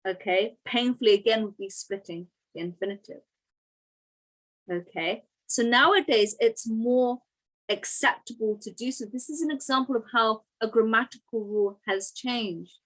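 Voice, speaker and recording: A woman's voice: fairly high pitch, normal speed, fairly bright tone, low-quality recording. A woman teaching an online grammar lesson, explaining step by step and checking in with "right?" and "okay".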